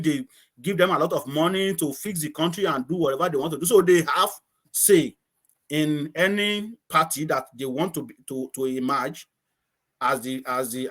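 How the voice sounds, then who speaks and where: Man, Antiguan accent, fairly high voice, chatty, repeats himself, laughs a lot. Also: a bit bright. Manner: storytelling, repeats words, laughs often. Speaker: guest. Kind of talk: casual chat.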